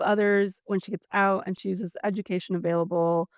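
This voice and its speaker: A woman's voice: medium pitch, little pitch movement, brisk, no room sound. A woman co-hosting a podcast, chatting and recapping a story with sympathy. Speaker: podcast co-host. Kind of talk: casual chat.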